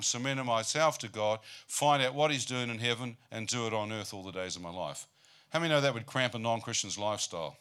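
A man preaching a storytelling sermon, his voice bright and forceful. He keeps throwing rhetorical questions at the congregation and slips dry jokes into his testimony. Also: medium pitch, clean tone. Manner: humorous, asks the crowd rhetorical "how many know" questions.

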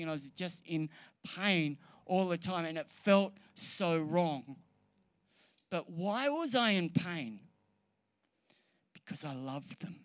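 Earnest preacher who repeats for emphasis. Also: mid-range voice. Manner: mixes light humor and banter with the room. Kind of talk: sermon to a live congregation. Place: church hall or meeting room with an audience.

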